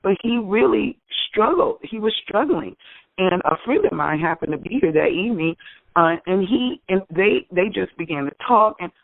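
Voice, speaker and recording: A woman's voice: moderate pace, creaky, no room sound. Emphatic middle-aged woman on a phone line. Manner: warm-hearted, emphatic, with excited pitch jumps. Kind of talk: call-in radio discussion. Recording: tinny phone-line sound, dry.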